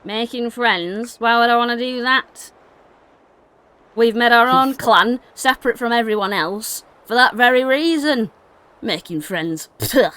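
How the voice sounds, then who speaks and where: A woman's voice: on the high side, unhurried, pushed and bright, clear, resonant tone, voice pushed up. A woman voicing a standoffish female clan leader who talks in a blunt, sardonic way. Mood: scornful.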